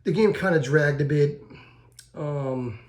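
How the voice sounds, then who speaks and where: A man's voice: fairly high pitch, slow pace, darkish tone, roomy sound. A man giving a rambling spoken review of a video game, often restarting and repeating himself.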